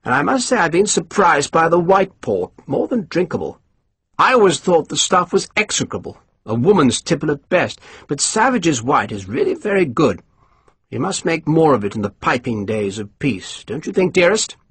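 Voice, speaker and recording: A man's voice: on the high side, big pitch swings, moderate pace, fairly bright tone, husky, no echo, pitched above the performer's own voice, exaggerated voice. A man voicing a pompous, condescending army colonel who turns irritable, read for an audiobook. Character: pompous, snappish middle-aged male army colonel.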